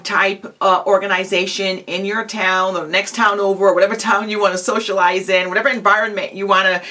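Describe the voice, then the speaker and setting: A woman's voice: mid-range voice, sharp tone. A woman giving a self-help video lecture on psychology, talking straight to the listener in a direct, encouraging way and asking rhetorical questions. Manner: rhetorical questions, frequent "um" and "you know". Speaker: psychology professor giving advice.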